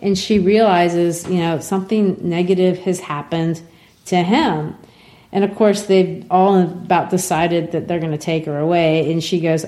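Woman teacher, class literature lesson, lively casual retelling. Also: lowish voice, unhurried.

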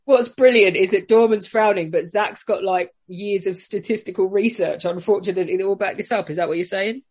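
A woman's voice: medium pitch, a little fast, darkish tone, breathy edge, no echo. Chatty woman hosting a panel. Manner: chatty, teasing. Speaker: host. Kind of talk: casual online panel chat.

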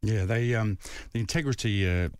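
A man on a radio book panel, speaking in a measured, thoughtful way with some hesitation. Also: fairly low pitch, clean tone, no echo, clean studio sound.

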